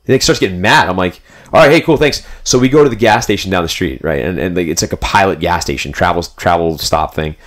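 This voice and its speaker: A man's voice: low voice, fast talker, hardly any pauses. A young man telling a road trip story in casual, rambling podcast chat, full of "like" and "dude". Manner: rambling, animated, fillers like "like" and "dude".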